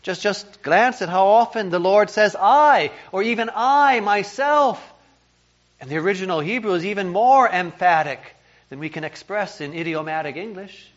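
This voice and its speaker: Speaking briskly, a pastor with a fairly high voice delivers an earnest, emphatic sermon, now and then tripping on a repeated word. The church recording is dull and lo-fi.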